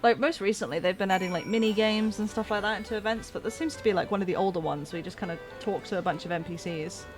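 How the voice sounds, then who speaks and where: A woman's voice: medium pitch, quick pace, hardly any pauses, over music. A woman streaming a game, chatting casually with lots of fillers. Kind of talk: casual let's-play chat.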